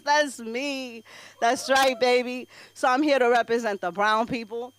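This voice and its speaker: A woman doing a stand-up set at an open mic, brash and sassy, swinging between loud punchlines and low asides. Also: fairly even intonation, moderate pace, clean tone, no room sound. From Bangladesh. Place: comedy club stage.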